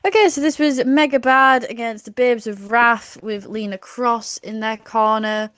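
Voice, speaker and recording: A woman's voice: a little high, steady tone, unhurried, fairly bright tone, no echo, clean studio sound. A woman co-hosting a podcast, reviewing bluntly and casually, swearing freely. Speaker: podcast co-host.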